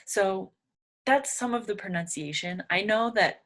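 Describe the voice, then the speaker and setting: A woman's voice: mid-range voice, unhurried, fairly bright tone. A young woman teaching English pronunciation, patiently repeating each word aloud several times. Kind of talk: pronunciation lesson.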